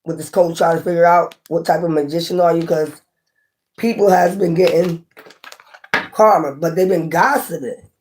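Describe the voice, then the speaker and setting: A woman's voice: on the low side, steady tone, normal speed, a little mellow, a little hiss or hum. A woman giving a casual tarot reading to camera, blunt and profane, talking with passion, repeating points and asking her viewers questions. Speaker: tarot reader.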